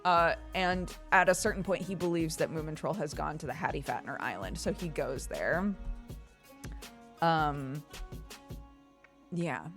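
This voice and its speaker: A woman's voice: sits low, measured pace, long pauses. A woman streamer chatting casually with her viewers, laughing often and telling stories animatedly. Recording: faint background music.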